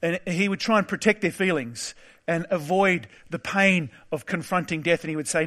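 A man preaching a sermon in a relaxed, conversational storytelling way, with occasional filler words. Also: on the high side, normal speed.

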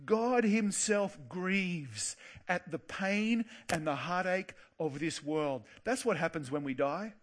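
A man with a fairly high voice preaching a sermon in an earnest tone. He slows right down on the words he wants to stress. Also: animated.

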